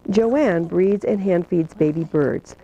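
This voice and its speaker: A woman reading a scripted narration for an instructional video in a calm, measured way. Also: lowish voice, slight background noise, rough recording. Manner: calm, measured explanatory delivery.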